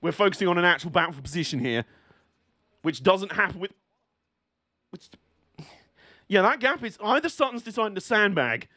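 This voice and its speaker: High-voiced, excitable man. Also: moderate pace, long pauses, no room sound, studio quality. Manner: excitable, sweary, laughs often. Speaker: streamer. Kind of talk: live watch-along race commentary.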